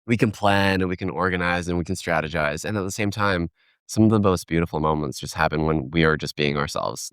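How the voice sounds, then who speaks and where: Deep-voiced animated man, keynote speaker. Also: clear, resonant tone, dry recording, clean studio sound. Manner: animated storyteller, acts out quoted voices. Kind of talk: conversational podcast interview.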